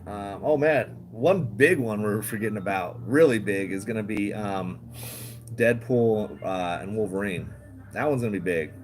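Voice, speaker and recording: A man's voice: on the low side, normal speed. A man hosting a casual livestream, rambling, chuckling often and swearing freely. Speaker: livestream host.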